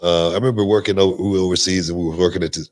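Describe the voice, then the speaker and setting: Guest, older man, low register, animated storyteller who repeats words. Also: rapid-fire. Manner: animated, repeats words, laughs mid-sentence. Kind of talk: casual interview storytelling.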